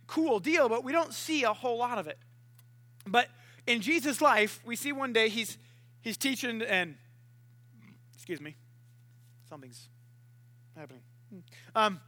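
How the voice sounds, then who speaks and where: A man's voice: extremely high pitch, pushed and bright. A man preaching a casual sermon, joking and acting out voices as he tells the story.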